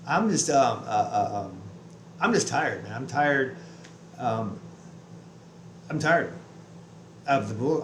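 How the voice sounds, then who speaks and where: A man's voice: medium pitch, reverberant, slight background noise, low-quality recording. A man telling a heated, profane story about his day in a casual vlog rant, full of restarts. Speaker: vlogger. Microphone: webcam.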